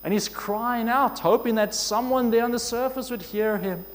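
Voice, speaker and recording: A man preaching a sermon in an earnest, measured way, asking his listeners questions. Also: extremely high pitch. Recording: long hall reverb.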